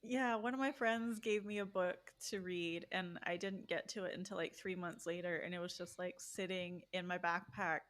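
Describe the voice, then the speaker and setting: A woman's voice: on the low side, steady tone, normal speed, few pauses, a bit bright. Giggly self-deprecating woman podcaster. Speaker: podcast co-host. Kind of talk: casual chat.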